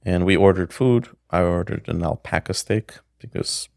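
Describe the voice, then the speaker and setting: A middle-aged pickle maker, appearing as a podcast guest, tells a story casually in a deep, creaky, slightly mellow voice at normal speed. He rambles with many restarts, recorded on a close studio mic with no room sound.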